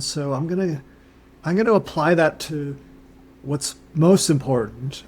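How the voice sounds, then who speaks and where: A man improvising a wealthy, naive, self-absorbed male climber, delivered deadpan in his own voice. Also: on the high side, slight background noise, close to an everyday voice. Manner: deadpan, earnestly self-important. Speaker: podcast co-host. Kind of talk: improvised comedy sketch.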